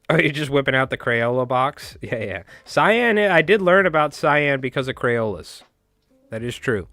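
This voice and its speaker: A man's voice: medium pitch, a bit bright. A man hosting a casual fly tying live stream, joking and rambling as he talks back to his chat.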